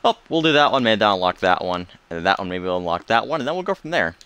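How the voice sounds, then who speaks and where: A man's voice: fairly low pitch, big pitch swings, fast, a bit bright, clear, resonant tone, no room sound. Musing man playing a visual novel. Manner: musing, unsure, trailing off. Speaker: let's play streamer. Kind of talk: casual game commentary and read-aloud narration. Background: game music.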